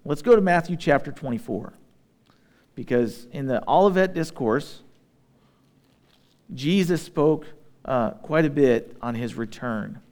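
A man's voice: mid-range voice, expressive, unhurried, long pauses, darkish tone. A man preaching a sermon as a pastor, talking in a conversational way and checking in with his listeners.

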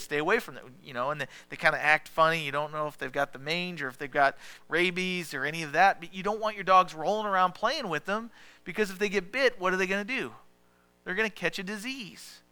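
A man preaching a sermon in a relaxed, conversational way, mixing scripture with jokey personal stories. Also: high voice, clear, resonant tone, no echo. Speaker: pastor.

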